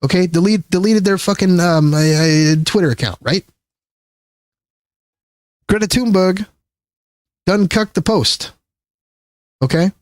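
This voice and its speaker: A man's voice: a little slow, pauses often, no echo, studio quality. Profane ranting male streamer. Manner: profane, rambling, exasperated; swings from high pitch to low mutter. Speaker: livestreamer. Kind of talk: ranting livestream commentary.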